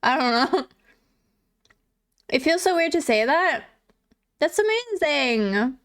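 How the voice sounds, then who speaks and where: A woman's voice: sits high, unhurried, fairly bright tone. A woman streamer in casual live chat, giggly and chatty, reading and answering chat.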